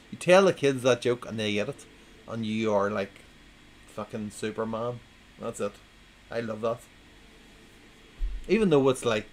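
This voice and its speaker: A drunk man reads dad jokes, repeating each punchline and laughing at his own jokes. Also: mid-range voice. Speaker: host reading dad jokes. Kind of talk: casual tipsy dad-joke reading.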